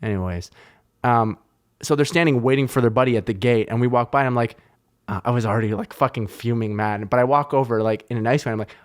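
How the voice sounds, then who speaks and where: A young man in casual podcast chat, swearing freely as he retells things that riled him up. His voice sits at an ordinary middle pitch, and his talk stays lively and loose. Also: quick pace. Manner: animated, profane, heated retelling of anecdotes. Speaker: podcast host.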